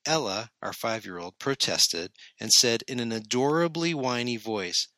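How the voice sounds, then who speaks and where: A man's voice: medium pitch, lively intonation, a little slow, bright, forceful tone, dry recording. A man in his thirties hosting his own podcast, delivering a scripted solo monologue in a friendly, conversational way with light humor. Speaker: podcast host.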